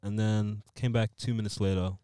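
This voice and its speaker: A man's voice: fairly low pitch, level tone, moderate pace, warm tone, smooth, no room sound, clean studio sound. A young man with an Australian accent, chatting casually, blunt and full of slang. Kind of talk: casual chat.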